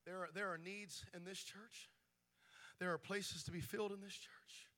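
A man preaching a pentecostal sermon as pastor, moving from quiet, intense passages to shouted, soaring preaching. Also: high voice, fairly even intonation, moderate pace. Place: church sanctuary. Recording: live church with organ music behind. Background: music.

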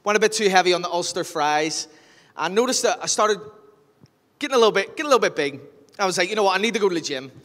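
A pastor from Northern Ireland, with a Northern Irish accent, preaches a sermon full of jokey stories, acting out scenes as an animated storyteller. His voice is high-pitched and fast, and the recording carries a long hall reverb.

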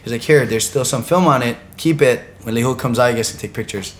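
A man telling a funny story as a podcast guest, animated and laughing as he goes. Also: mid-range voice, fast talker, a little hiss or hum. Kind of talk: casual storytelling.

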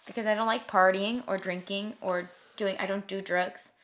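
A woman's voice: mid-range voice, steady tone, moderate pace, fairly bright tone. A young woman in her twenties chatting casually as a co-host, gushing about things she loves in long rambling runs. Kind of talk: casual chat.

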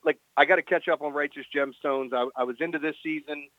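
A man co-hosting a casual chat, talking quickly and easily over a remote line. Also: fairly high pitch, fairly even intonation, dry recording. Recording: tinny phone-line sound.

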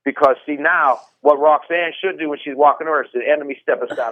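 A man speaking as a guest on a radio interview, animated and quick with jokes and asides. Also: a little high, poor audio.

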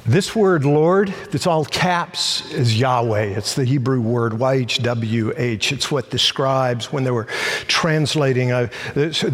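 Husky-voiced preacher with booming emphasis. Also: male voice, big-room sound. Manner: emphatic, rising to stress key words. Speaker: pastor. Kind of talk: sermon.

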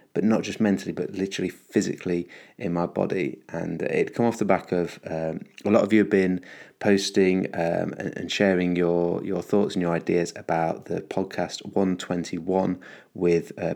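Upbeat podcast host, very low voice with gravelly fry, rambling and full of ums. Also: male voice, a little mellow. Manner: rambling, upbeat, many fillers and restarts. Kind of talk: casual solo podcast monologue.

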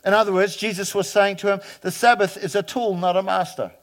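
Man, 50s, pastor, sermon, high voice, emphatic, loud then hushed. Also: fairly even intonation, a little fast.

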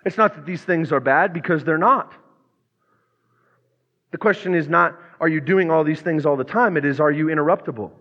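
A man's voice: a little high, moderate pace. A man preaching a sermon as pastor, earnest, now and then acting out quoted voices. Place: church sanctuary. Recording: muffled sound with long church reverb.

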